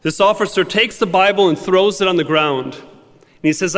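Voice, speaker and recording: A man's voice: sits high, normal speed, fairly bright tone, big-room sound. A man preaching a sermon in an emphatic, repetitive cadence. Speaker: pastor.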